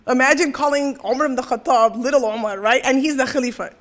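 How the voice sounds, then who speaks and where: Woman, young adult, religious lecture, higher voice, storytelling, keeps asking "right?". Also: a little fast, hardly any pauses. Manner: storytelling, often checks in with "right?". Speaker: convention speaker.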